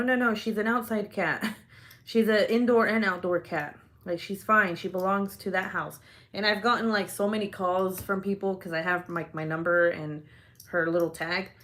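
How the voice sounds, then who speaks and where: Young woman on a livestream telling a story, lots of swearing and laughing, acts out her own reactions, mid pitch. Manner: animated and profane, laughing often, voices her own reactions.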